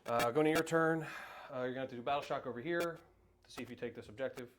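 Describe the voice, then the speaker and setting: A man's voice: medium pitch, fast talker, fairly bright tone. A man playing a tabletop wargame on a live stream, chatting casually and thinking aloud as he checks the rules.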